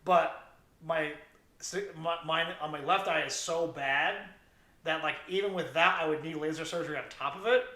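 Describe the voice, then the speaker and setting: A man's voice: a little high, moderate pace, sharp tone. A man hosting a casual podcast chat, rambling through stories with lots of fillers. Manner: rambling, filler-heavy storytelling. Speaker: podcast host. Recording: echoey room.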